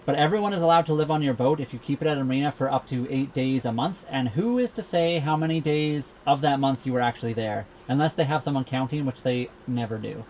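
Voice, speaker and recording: A man's voice: medium pitch, quick pace, few pauses, a little mellow, slight background noise. A young man from Saskatchewan with a Canadian accent, hosting a casual live Q&A from inside his docked sailboat and rambling easily with lots of fillers. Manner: rambling, easygoing, many fillers. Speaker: livestream host. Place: cabin of a sailboat docked at a marina.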